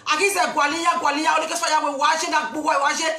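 A Nigerian woman giving an impassioned, emphatic rant to camera as a spiritual vlogger, often bursting into shouts. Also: high voice, little pitch movement, quick pace, gravelly, roomy sound.

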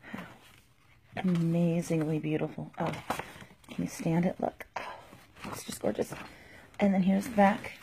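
A woman unboxing on her phone camera, excited and out of breath, gushing and often dropping to a whisper. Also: fairly low pitch, measured pace, gravelly, long pauses, a little hiss or hum. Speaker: vlogger. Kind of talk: unboxing video.

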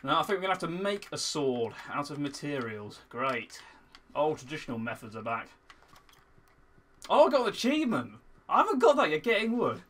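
Excitable man, high lively voice. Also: fairly quick, a little hiss or hum. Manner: excitable, swinging between frustrated muttering and loud shouting. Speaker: gaming channel host. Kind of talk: let's play commentary.

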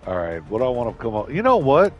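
A man's voice: medium pitch, huge pitch swings, fast, muffled recording, soft background music. A man streaming a shooter game live, cursing and trash-talking his opponents. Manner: profane trash talk, shouts at enemies. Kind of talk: live gameplay commentary.

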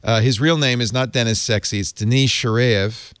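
A man hosting a casual tech panel chat, animated and laughing often as he talks. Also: mid-range voice, moderate pace, clear, resonant tone, dry recording, studio quality. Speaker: host.

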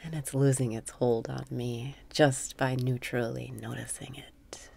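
Woman meditation guide: low gravelly voice, unhurried, breathy cues with candid profane asides. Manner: slow, breathy guidance mixing calm cues with frank, profane venting. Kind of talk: guided meditation with spoken affirmations.

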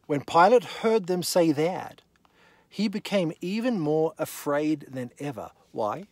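A man giving an animated, conversational Bible lesson, firing rhetorical questions straight at the listener. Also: on the high side, takes it slowly, no echo. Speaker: Bible teacher.

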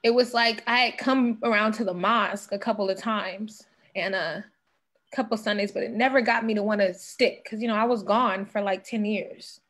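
A woman's voice: mid-range voice, fairly even intonation, normal speed, fairly bright tone. A young woman speaking as a podcast guest, sharing an earnest personal testimony and fighting back tears.

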